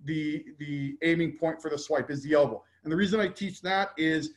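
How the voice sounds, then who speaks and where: A man with a fairly high voice walks through football drills like a coach at an online clinic. He keeps it casual and checks in with "okay?" after nearly every phrase. He punches out short repeated cues like "get down low.". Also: moderate pace. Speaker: football defensive line coach. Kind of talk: instructional clinic talk over drill video.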